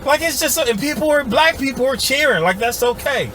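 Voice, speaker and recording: A man with a fairly high voice delivers a sarcastic, heated commentary, talking straight to his audience. A faint hiss sits under the recording. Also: expressive, a little fast, bright, forceful tone. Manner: heated, sarcastic, addresses viewers as y'all. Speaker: political commentator. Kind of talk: ranting video commentary.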